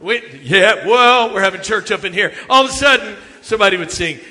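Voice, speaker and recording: Bright-voiced man in his fifties. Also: sits high, fairly quick, hardly any pauses, faint music behind. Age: 50s. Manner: animated storytelling, jokes with the audience. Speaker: youth ministry speaker. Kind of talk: humorous sermon talk. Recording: long hall reverb.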